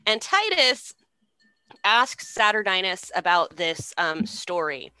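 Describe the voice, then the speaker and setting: A young woman recapping a story casually, animated and swearing, laughing often. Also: mid-range voice, slow, smooth, no room sound.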